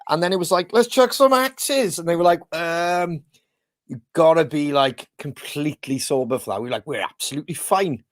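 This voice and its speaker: Chatty man, slightly high voice. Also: fairly even intonation, fairly quick, dry recording, clean studio sound. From Wales. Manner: chatty, rambling, lots of ums. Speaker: podcast co-host. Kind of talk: casual chat.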